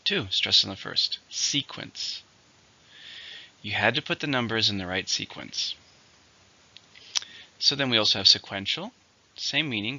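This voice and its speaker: A man teaching English vocabulary slowly and carefully, counting syllables and marking stress. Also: fairly low pitch, sharp tone, lo-fi sound. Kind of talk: vocabulary lesson.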